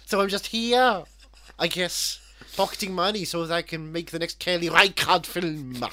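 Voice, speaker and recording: A man's voice: sits high, moderate pace, sharp tone, slight background noise, pitched above the performer's own voice. A man putting on a weary, mercenary actress with a put-on Welsh accent, dry and offhand.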